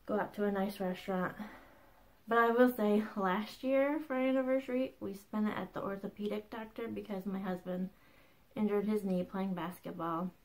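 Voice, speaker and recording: A woman's voice: medium pitch, fairly even intonation, moderate pace, poor audio. Chatty woman hosting a craft podcast. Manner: chatty, laughs often, bubbly asides. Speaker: podcast host. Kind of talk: casual chat.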